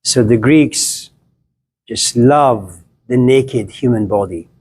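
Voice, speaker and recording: A man's voice: medium pitch, takes it slowly, darkish tone, breathy edge. A man giving a live classroom lecture to students, playful and teasing, stacking up jokes through long repetition and calling on students by name.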